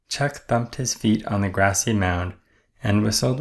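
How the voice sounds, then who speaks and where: Storytime dad: unhurried, gravelly, gentle rhyming reading. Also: male voice, lowish voice. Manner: gentle, rhythmic rhyming delivery. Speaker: children's storyteller. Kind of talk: bedtime read-aloud.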